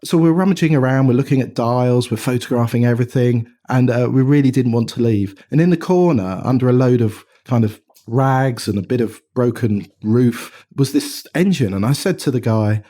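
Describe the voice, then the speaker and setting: A middle-aged man from England, a watch company founder, telling an animated anecdote in a casual interview. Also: mid-range voice, moderate pace, hardly any pauses. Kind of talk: conversational storytelling.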